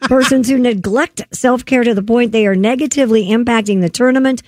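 A woman's voice: a little high, a little fast, darkish tone, no room sound, clean studio sound. A woman host reading odd news stories aloud on a talk show, cutting in with jokes and laughs. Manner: reads stories aloud, breaks off to joke and laugh. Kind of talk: reading offbeat news with banter.

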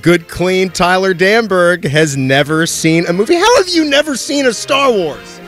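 A man's voice: high-pitched, expressive, a little slow, over music. A man hosting a casual office comedy bit, joking and teasing his coworkers. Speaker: host.

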